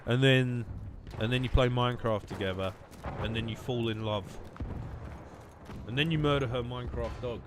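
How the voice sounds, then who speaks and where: A man's voice: mid-range voice, normal speed, pauses often, noisy background. A young man hosting a gaming channel, rambling through joking, sarcastic commentary and laughing often. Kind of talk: casual gameplay commentary. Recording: clear game gunfire behind voice.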